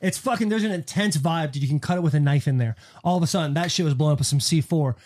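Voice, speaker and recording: A man in casual podcast chat, retelling a fight night in a fast, animated way and swearing freely. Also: on the high side. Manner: fast, animated storytelling with profanity; breaks into sung snippets when retelling. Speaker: podcast co-host.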